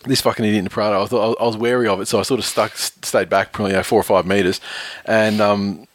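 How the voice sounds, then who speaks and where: Low-voiced man telling a story. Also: fast talker, slight background noise. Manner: profane, animated storytelling with laughs. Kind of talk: casual chat, storytelling.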